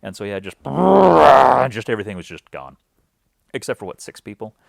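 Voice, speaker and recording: A man's voice: fairly low pitch, expressive, quick pace, no room sound, clean studio sound. A man recapping a weekend game event in a loose, rambling way, full of fillers and restarts, acting out bits of dialogue.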